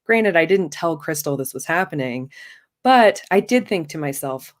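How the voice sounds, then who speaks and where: A woman in her thirties tells a true story from her own life in a wry, self-mocking, chatty way. Her voice sits a little low for a woman. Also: expressive, moderate pace. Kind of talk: first-person live storytelling.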